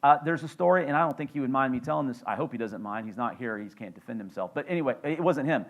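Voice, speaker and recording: A male pastor preaching in a church, his voice sitting at an ordinary middle pitch. He keeps it loose and chatty, with playful asides to the room. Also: animated, fast. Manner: conversational, joking asides. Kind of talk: sermon. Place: church sanctuary.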